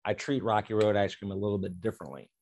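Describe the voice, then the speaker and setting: A man giving a talk on fair housing, telling an animated teaching story in which he quotes both sides of a conversation and repeats phrases for emphasis. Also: fairly low pitch, quick pace.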